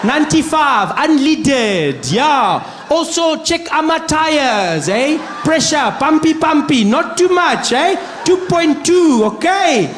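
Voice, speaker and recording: Guy doing a condescending south african driver yelling baby talk, high and loud. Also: very animated, takes it slowly, few pauses, roomy sound, a faint crowd, slight background noise, full character voice. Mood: patronizing. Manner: patronizing baby talk, shouted. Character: condescending white businessman shouting to attendant.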